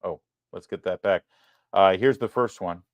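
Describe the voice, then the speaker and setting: The host of a live political commentary show speaks in a low voice, sarcastic and emphatic, dropping in quick apologetic asides. There's no echo on the recording.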